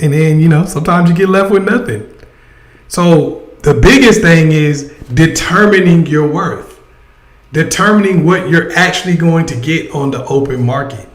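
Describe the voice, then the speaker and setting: A man with a fairly high voice hosts a casual livestream and talks directly to his viewers in a conversational way. The sound is roomy and echoey. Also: expressive, measured pace. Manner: conversational, addresses chat directly. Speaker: livestream host giving advice.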